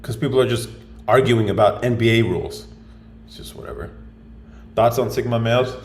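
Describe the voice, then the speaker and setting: A man's voice: medium pitch, fairly even intonation, a little fast, a little hiss or hum. A man hosting a casual livestream, rambling and thinking aloud as he answers viewer comments. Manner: rambling, musing, thinks aloud with many fillers. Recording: roomy echo.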